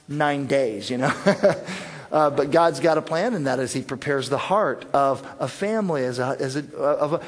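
A man preaching a sermon to his church, earnest and animated, often restarting phrases with fillers. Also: fairly high pitch. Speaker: pastor.

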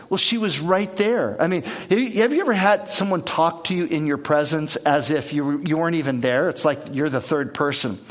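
A male pastor gives a loose, conversational sermon with a voice pitched a little above the usual. He is earnest and often repeats a word before going on. He also slips into lively little impressions of the people he quotes. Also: normal speed. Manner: earnest, repeats words, acts out quoted speech.

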